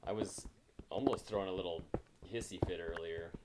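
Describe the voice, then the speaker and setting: A man's voice: deep voice, moderate pace. A man chatting casually with his viewers during a livestream, rambling and self-deprecating, talking into a mic set close in front of him. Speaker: game streamer. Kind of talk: casual livestream chat while gaming. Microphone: new mic mounted close in front of him. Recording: loud background noise.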